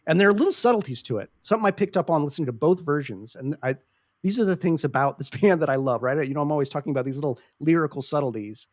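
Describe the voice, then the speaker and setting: Fast-talking, with a slightly high voice and lively intonation, a man hosts a casual podcast in clean, roomless studio audio. He's earnest and passionate, swears a lot, and frequently restarts sentences as he searches for words.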